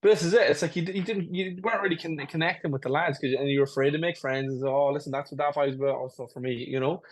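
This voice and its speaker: A man's voice: a little high, fast. A man co-hosting a podcast, talking earnestly, often saying "it's like, listen". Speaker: podcast co-host. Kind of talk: casual chat.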